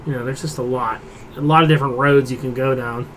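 A man's voice: mid-range voice, steady tone, fast talker, a bit bright, slight background noise. A man hosting a casual podcast chat, telling stories through laughter and reading off numbers. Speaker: podcast host.

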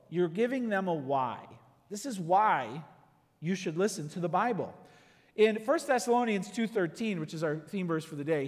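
A pastor giving a conversational sermon, full of rhetorical questions and acted-out quotes. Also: male voice, high-pitched, long reverb tail.

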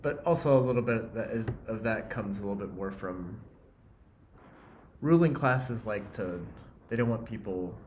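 A man co-hosting a Bible podcast, explaining scripture in a quiet, unhurried way that trails off. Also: lowish voice, a little hiss or hum. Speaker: co-host, Bible scholar. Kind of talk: casual explanatory chat.

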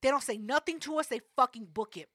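A young woman talks on a podcast, loud and brash, and she swears a lot. Her voice is high and bright. It's a close, dry recording. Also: fast, no room sound. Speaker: podcast co-host. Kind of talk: casual chat.

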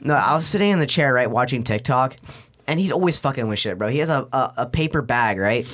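A man's voice: mid-range voice, animated, brisk, a bit bright. A man guesting on a casual podcast, telling rambling stories full of slang and swearing, recorded in a small bedroom closet.

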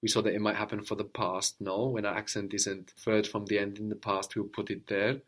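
A man's voice: on the low side, little pitch movement, brisk. A man teaching a spoken language lesson, explaining patiently step by step and prompting a student to answer.

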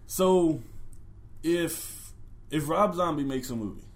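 A man's voice: a little high, lively intonation, takes it slowly. A man in casual chat, persistently pressing his point with questions.

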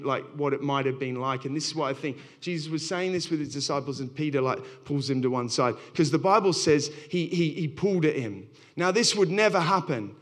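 A man's voice: on the high side, a bit bright. A man, a pastor, giving a sermon in a candid, self-deprecating storytelling way.

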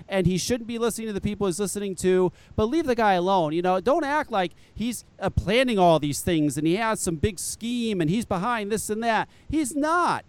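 A man hosting a podcast, telling a story in casual chat, animated and profane, laughing often. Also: sits high, normal speed, few pauses, clean tone, no room sound. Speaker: podcast host.

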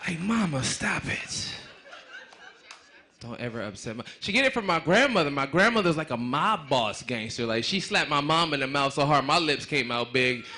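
A man doing a stand-up comedy set on a club stage, joking loudly and working the crowd. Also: mid-range voice, lively intonation, a little fast, few pauses. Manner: loud, playful crowd work.

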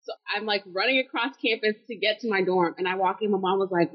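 A young woman tells a story to a small group with animated energy, voicing each person's lines as she goes. Her voice is husky and the recording sounds a little dull. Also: mid-range voice, fast talker. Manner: animated, acts out quotes. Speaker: panel guest. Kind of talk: casual storytelling.

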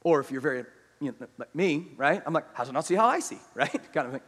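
A man preaching a sermon who moves from hushed, slow scripture reading to loud, rapid exhortation and has the congregation repeat words after him. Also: fairly high pitch, expressive. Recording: long hall reverb.

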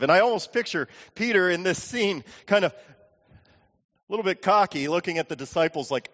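A man's voice: on the high side, expressive, moderate pace, fairly bright tone. A man preaching a sermon in a church sanctuary, telling stories and acting out the people he quotes. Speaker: pastor. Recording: dull lo-fi audio with long hall reverb.

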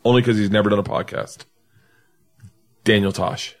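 A man hosting a podcast, chatting casually with friends and laughing a lot, his voice leaping up high when excited. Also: normal speed. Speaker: podcast host. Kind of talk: casual chat.

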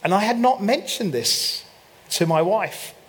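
A man's voice: high-pitched, expressive, a little slow. A man preaching a sermon, telling a story with playful humor and mock French asides. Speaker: pastor. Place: church.

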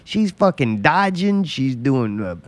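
A man co-hosting a casual chat, telling a story in a profane, animated way. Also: mid-range voice, slow, a crowd in the background.

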